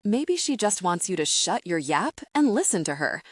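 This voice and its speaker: A blunt, bossy younger brother handing out advice, read by a woman in her own lowish voice. The lines are lectured plainly in a dry audiobook recording. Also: very animated, normal speed, slightly rough, no echo.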